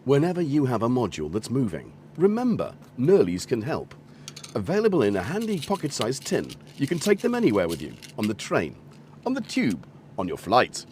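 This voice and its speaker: A man putting on a brisk advert announcer voice. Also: huge pitch swings, a little mellow, slight background noise. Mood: salesy. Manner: brisk salesy pitch. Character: smooth male radio advert announcer. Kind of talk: mock advert read.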